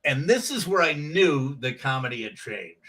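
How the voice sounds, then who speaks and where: A man's voice: mid-range voice, big pitch swings, moderate pace, a bit bright, far from the mic. A middle-aged man, a guest comedian, telling rambling anecdotes on a chat show and acting out the quotes.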